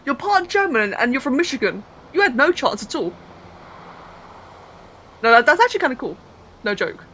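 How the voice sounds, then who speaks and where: A woman's voice: high voice, very animated, moderate pace, fairly bright tone, rough recording. A young woman live-streaming a game, thinking aloud as she builds, counting under her breath and chatting to viewers with casual swearing. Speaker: livestreamer.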